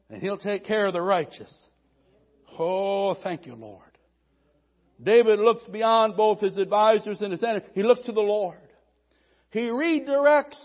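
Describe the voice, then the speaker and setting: High-voiced preacher, dull audio. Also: male voice. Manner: builds from quiet teaching to shouted, rhythmic preaching. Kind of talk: sermon.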